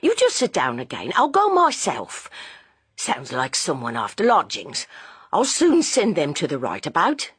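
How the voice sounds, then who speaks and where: An audiobook narrator voicing an older, nervous landlady who is crying and laughing in a high, shaky voice. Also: huge pitch swings, a little slow, fairly bright tone, breathy edge, no echo, heavily acted. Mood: brisk. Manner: high-pitched, tearful, sobbing laughter. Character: older working-class landlady, nervous and emotional.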